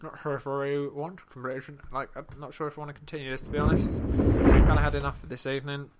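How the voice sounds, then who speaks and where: A man's voice: fairly high pitch, flat delivery, fast. Chatty male streamer, noisy mic. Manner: chatty, self-mocking muttering. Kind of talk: casual gameplay commentary.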